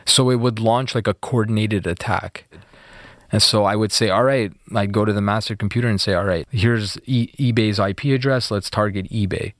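A man's voice: on the low side, steady tone, normal speed, no echo, studio quality. A man being interviewed about his past, telling the story in a casual, conversational way with lots of "like" and "you know.".

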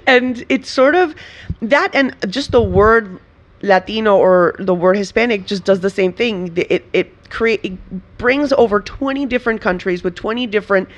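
An animated woman from Venezuela, guesting in a casual interview. She laughs often, restarts her sentences, and keeps the talk lively. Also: medium pitch, normal speed. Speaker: writer and performer guest.

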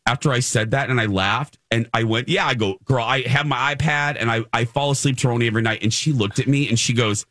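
A man's voice: medium pitch, quick pace, hardly any pauses, fairly bright tone, dry recording, studio quality. A man hosting a radio show, telling a self-mocking story and acting out quotes. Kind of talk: casual storytelling chat.

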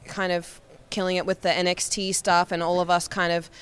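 A woman's voice: on the low side, level tone, a little fast, clear, resonant tone. A young woman with an Australian accent and a slight American twang, telling stories as an interview guest in a rambling, giggly way full of "like" fillers. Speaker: guest, professional wrestler. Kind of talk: casual storytelling.

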